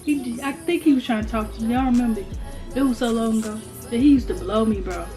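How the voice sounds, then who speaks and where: A young vlogger with a slightly high voice chats over a meal, telling a story in loose, slangy talk at a slightly quick pace. She stays animated the whole way and repeats lines to drive them home. Soft music plays underneath.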